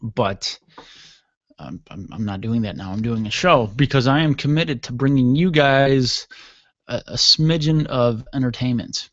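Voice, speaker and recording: This is a worn-out man yawning his way through a radio show, spinning a rambling, self-deprecating tale as a relaxed monologue. His mid-range voice moves a little slowly, and the studio-mic recording is dry, dull and lo-fi with no room sound.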